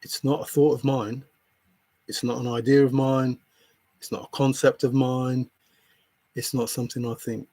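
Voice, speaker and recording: Husky-voiced male streamer, heated and confrontational, repeats himself, swears freely. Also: medium pitch, a little mellow, no room sound. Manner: angry, repetitive, confrontational, swears a lot. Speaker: livestreamer answering chat. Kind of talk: heated rant at a viewer.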